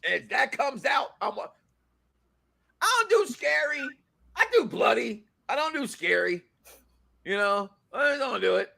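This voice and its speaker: Animated high-voiced man hosting. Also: a little slow, vocal fry, long pauses. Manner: animated, joking, swings between loud and soft. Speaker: co-host of a reality show review. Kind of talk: live-stream chat.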